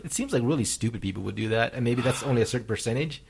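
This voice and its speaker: Fast-talking rambling male podcast host. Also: medium pitch, expressive, creaky, darkish tone, breathy edge. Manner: rambling, profane, reads chat comments aloud. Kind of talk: casual chat.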